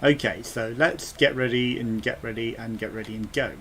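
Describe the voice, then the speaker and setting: A man's voice: mid-range voice, fairly even intonation, moderate pace, a bit bright, a little hiss or hum. A man giving casual gameplay commentary as a let's play gamer, chatty and thinking aloud with muttered asides.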